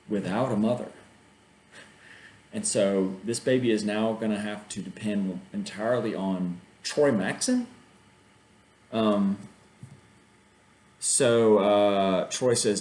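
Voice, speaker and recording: A man teaching high school literature in a casual video lesson from home, talking through a play in a conversational way and reading lines aloud. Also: a little mellow. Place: home living room. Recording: echoey room with faint ambient noise.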